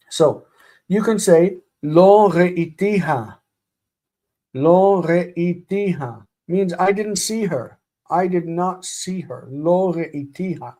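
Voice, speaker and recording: A man teaching a live-streamed grammar lesson, speaking deliberately and repeating words for students to drill. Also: on the high side, a little mellow. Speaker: Hebrew teacher.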